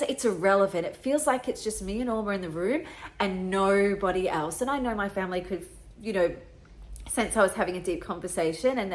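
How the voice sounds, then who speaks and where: Earnest woman telling a heartfelt story. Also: medium pitch. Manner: emotional, earnest, repeats herself often. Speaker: podcast host.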